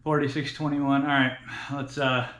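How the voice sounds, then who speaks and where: A man's voice: mid-range voice, level tone, normal speed, a bit bright. Profane, breathless man in an echoey gym. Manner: profane, blunt, talks between sets with sighs. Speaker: fitness vlogger. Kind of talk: workout vlog talk.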